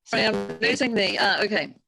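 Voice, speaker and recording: A woman's voice: mid-range voice, a little fast, gravelly, over music. A woman taking part as an audience volunteer on a call, hesitant and checking she can be heard. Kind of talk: casual call-in reply.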